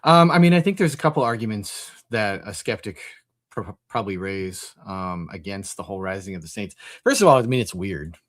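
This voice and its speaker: A man's voice: fairly low pitch, animated, brisk, no room sound. A man hosting a live call-in stream, reading chat and chatting casually, rambling with lots of fillers. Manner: rambling, thinks aloud with many fillers. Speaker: host of a Christian apologetics call-in stream.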